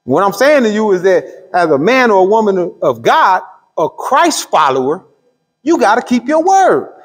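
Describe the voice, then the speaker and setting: A middle-aged pastor teaching a Bible study, asking the room questions and drawing out key words. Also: male voice, high voice, sing-song, slightly rough. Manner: call-and-response questions to the room; drawls key words slowly. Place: church hall. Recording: long hall reverb.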